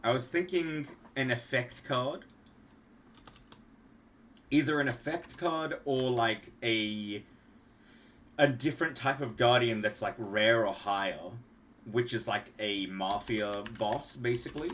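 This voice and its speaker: A man's voice: mid-range voice, takes it slowly, a bit bright, slight background noise. A young man, rambling casually on a livestream as he shows off card designs he made, trailing off and restarting often. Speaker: streamer and card game designer.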